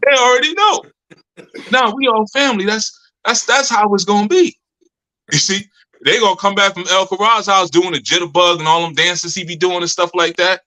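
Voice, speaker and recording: Man, bright and fairly high voice, laughing storyteller talking casually to his community. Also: animated, brisk, poor audio. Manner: laughs often, loose colloquial storytelling. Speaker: community leader speaking to members.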